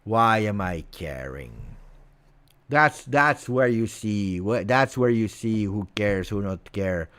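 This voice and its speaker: A man's voice: on the low side, lively intonation, slow pace, fairly bright tone, clear, resonant tone. Exasperated man ranting over a match. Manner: exasperated ranting with many repetitions. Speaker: football fan streamer. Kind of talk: live match watch-along reaction.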